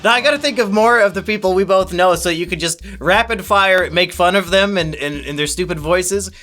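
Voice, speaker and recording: A man hosts a comedy podcast with a high, bright voice, ribbing his guest in loose, joking banter. A constant static hiss runs under the recording, and faint music can be heard behind him. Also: a little fast. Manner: jokey, teasing. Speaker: podcast host.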